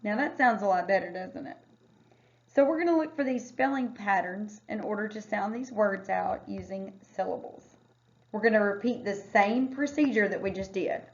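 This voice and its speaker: A woman teacher leading a phonics lesson, sounding out words slowly and carefully. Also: medium pitch. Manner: slow, careful word-by-word sounding out. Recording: dull lo-fi recording.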